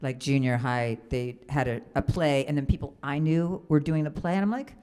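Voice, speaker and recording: A middle-aged woman, a guest on a live podcast, telling animated stories and acting out her past thoughts. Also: sits low, normal speed, clean tone. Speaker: guest actor. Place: live stage before an audience. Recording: long hall reverb on stage.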